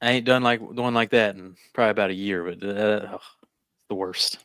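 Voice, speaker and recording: A man co-hosting a podcast, talking casually about his detailing work in a relaxed, rambling way. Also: fairly low pitch, normal speed, smooth, no room sound, clean studio sound. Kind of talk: casual chat.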